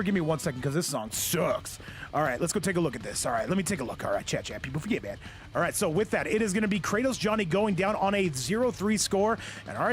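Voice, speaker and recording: A man hosting and commentating a fighting game stream in a casual, joking, rambling way, talking straight to his chat. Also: high-pitched.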